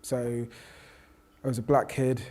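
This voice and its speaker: A man's voice: medium pitch, level tone, measured pace, a little mellow. Reflective man telling his story. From South London. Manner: reflective, with frequent restarts and quoted voices. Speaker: professor and panel guest. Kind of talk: personal storytelling in conversation.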